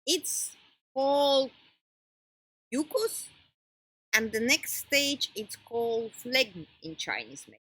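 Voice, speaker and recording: A woman gives a wellness lesson at an unhurried pace, with a bright, breathy tone. She speaks non-native English phrasing and often stops mid-sentence to search for a word. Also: fairly high pitch, sing-song, rough recording. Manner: halting, pauses to search for words. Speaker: wellness teacher. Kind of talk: informal teaching talk.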